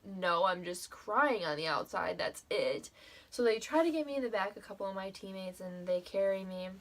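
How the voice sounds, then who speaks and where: A woman's voice: mid-range voice, normal speed. Young woman telling a story with emotion. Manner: emotional, swears freely, many "like" fillers. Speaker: vlogger. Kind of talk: casual storytelling to camera.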